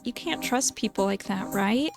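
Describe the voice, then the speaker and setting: A woman's voice: fairly high pitch, expressive, normal speed, creaky, music in the background. A woman voicing a timid, self-deprecating young man who talks hesitantly and apologizes a lot.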